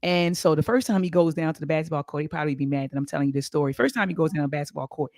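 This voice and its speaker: A middle-aged woman co-hosting a casual talk show, telling stories with quoted dialogue in an animated way. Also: sits low, very fast, no room sound, studio quality. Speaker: co-host.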